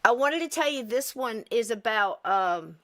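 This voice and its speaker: A woman's voice: a little high, lively intonation, a little slow, over loud music. A woman hosting a podcast, talking casually and rambling with lots of laughter. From US East Coast. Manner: chatty, rambling, laughs often. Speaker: podcast host.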